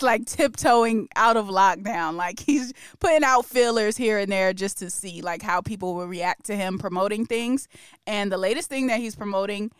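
A woman hosting a casual music podcast, talking through the news with strong opinions and frequent laughs. Her voice sits a little high and sounds smooth and crisp. The sound is dry and close. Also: dry recording. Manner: chatty and opinionated, laughs often. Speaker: podcast host.

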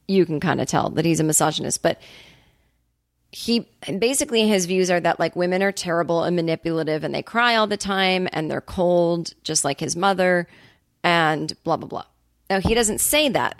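A woman with a lowish speaking voice tells a long, rambling story with profane, sarcastic asides. The sound is dry and close, with no room around her. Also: no echo. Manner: animated storyteller, quick asides. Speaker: comedian podcast host. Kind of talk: casual solo monologue.

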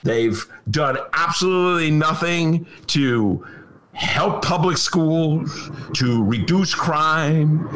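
An older man from Chicago hosts a political comedy talk show. His delivery is sarcastic and mocking, with a lively, swooping pitch. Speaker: podcast host.

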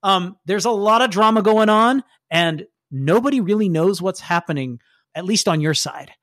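Chatty game master narrating a superhero game. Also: male voice, sits high, moderate pace, fairly bright tone, dry recording, clean studio sound. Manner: loose, chatty, laughs often.

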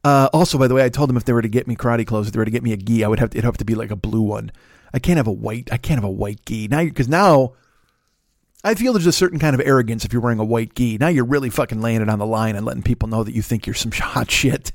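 A middle-aged man with a Chicago accent telling a profane, animated story in casual chat, swearing often and laughing between lines. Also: medium pitch, fast, dry recording, clean studio sound. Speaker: podcast host.

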